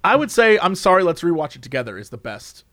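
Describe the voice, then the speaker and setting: Young guy hosting a chat, reads quiz stuff out loud and cracks jokes, bit high voice, dry sound. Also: very animated, fast talker, dry recording. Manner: joking, reads quiz options aloud, swears casually. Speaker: host. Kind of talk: casual chat, reading quiz questions.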